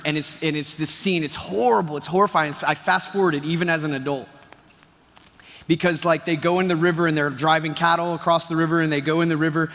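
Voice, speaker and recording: Man, conference speaker, high voice, loose storytelling, muffled recording in a reverberant hall. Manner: chatty, quizzes the crowd, many restarts. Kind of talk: storytelling talk to a live audience. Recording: dull sound, reverb of a big hall.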